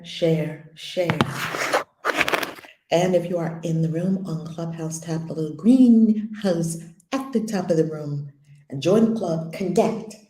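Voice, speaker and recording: A woman's voice: deep voice, warm tone. Emphatic woman teacher, echoey room. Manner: emphatic, repeats phrases slowly word by word. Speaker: spiritual teacher. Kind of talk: spiritual lesson with affirmations.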